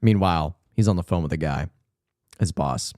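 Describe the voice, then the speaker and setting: Low-voiced man retelling a movie. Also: dry recording, clean studio sound. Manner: animated retelling, slips into quick voices. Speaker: podcast co-host reviewing a movie. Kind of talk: casual chat.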